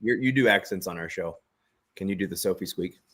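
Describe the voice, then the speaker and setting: A man's voice: deep voice, brisk, a bit bright. A man hosting a casual show, steering the talk and teasing his co-hosts. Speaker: host. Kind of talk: casual podcast chat.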